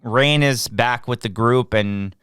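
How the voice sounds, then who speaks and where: A man co-hosts a movie review podcast, walking through scenes with sarcastic exasperation. His voice is smooth and resonant, at a middling pitch. The sound is dry and close, with no room around it. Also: takes it slowly, a bit bright, no room sound. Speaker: podcast co-host. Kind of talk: casual movie review chat.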